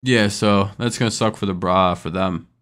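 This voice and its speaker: A man's voice: low-pitched, fairly even intonation, moderate pace, fairly bright tone. A young man hosting a casual live stream, first reading news, then ranting in an irritated, profane way at a viewer in the chat. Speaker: streamer host.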